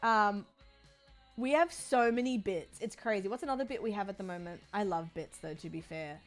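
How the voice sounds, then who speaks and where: A woman's voice: medium pitch, a little fast, a little mellow, soft background music. A woman streamer chatting casually while she plays, rambling and frank, swearing freely with lots of fillers. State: sore body.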